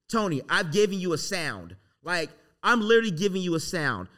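A man with a bright, forceful, somewhat high voice hosts a casual faith podcast. He rambles with excitement and leans hard on "like" and "literally" as he encourages his listeners. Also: brisk, hardly any pauses. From Southern California. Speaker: podcast host. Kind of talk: casual motivational talk.

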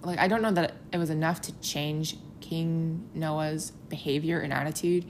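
A woman's voice: low voice, moderate pace, slight background noise. A young woman talking casually and animatedly about scripture, acting out quotes in little whispers. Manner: chatty, animated, acts out quotes with gasps and whispers.

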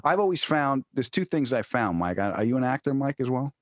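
A man, a comedian and actor, telling a story in casual chat and acting out his friend's panicked voice in high shouts. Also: sing-song, a little fast, dry recording, studio quality.

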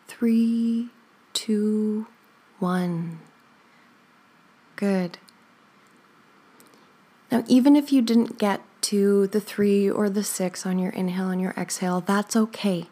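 A woman leading a guided breathing exercise, counting slowly and softly with gentle, encouraging words. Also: medium pitch. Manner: slow, soothing counting with soft whispered stretches; gentle encouraging asides with light laughs. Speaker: breathing instructor.

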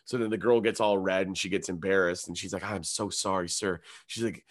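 A man's voice: deep voice, fairly even intonation, fast talker, dry recording, clean studio sound. A man from Canada, a comedian, telling a long anecdote in casual chat. He swears often and acts out other people's lines in raised voices.

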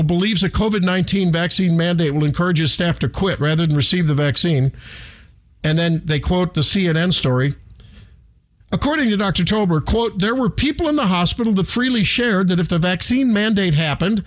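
A middle-aged man, talking on the radio in a slightly high register. He rambles through his monologue with animated, self-deprecating asides. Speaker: radio show host. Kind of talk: casual talk radio monologue. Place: radio studio.

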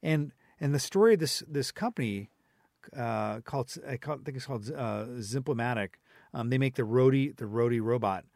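A man's voice: mid-range voice, moderate pace, a little mellow, no echo, clean studio sound. A man talking as a podcast guest, opinionated and rambling with many fillers. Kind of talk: casual chat.

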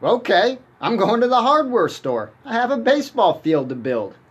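An excitable farmer, played by a man, who shouts in a high, eager voice. He sounds startled in an amateur radio play. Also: moderate pace, slightly rough, dull audio, exaggerated voice. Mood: excited.

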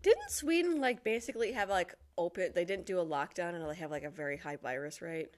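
An American woman telling a story in casual chat, full of fillers and quick asides. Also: fairly low pitch. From United States. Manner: animated storytelling, lots of fillers.

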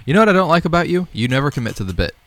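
Teasing man with a very animated voice. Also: fairly high pitch, slight background noise. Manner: teasing, pushy, quick to laugh. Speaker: podcast co-host. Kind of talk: casual chat.

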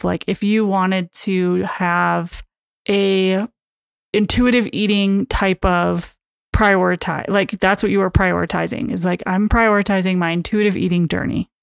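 Woman podcast host and coach, casual and chatty, mid pitch, close dry mic. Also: no echo. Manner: chatty, filler-heavy, acts out inner thoughts. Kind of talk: casual solo podcast talk.

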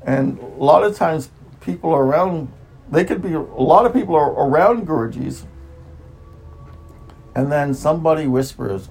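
A man with a somewhat high, gravelly voice gives an unscripted spiritual talk as a teacher. He circles back on his words, restarts phrases and stretches some words out. Soft music plays faintly behind him. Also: lively intonation, rough recording. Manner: repetitive, with frequent restarts and drawn-out words.

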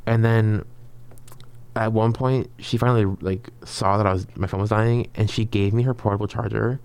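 A man's voice: lowish voice, steady tone, a little fast, vocal fry, a little mellow. A young man telling a rambling storytime in a chatty, filler-heavy way, dramatically acting out his own past lines. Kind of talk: casual storytime vlog.

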